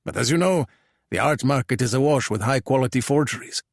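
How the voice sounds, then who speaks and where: A courtly, dry-witted older police general, as a male narrator puts him on. The voice sits a little higher than the narrator's own and keeps a gravelly edge, in a dry, close recording. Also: a little fast, dry recording. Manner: courtly, dryly witty.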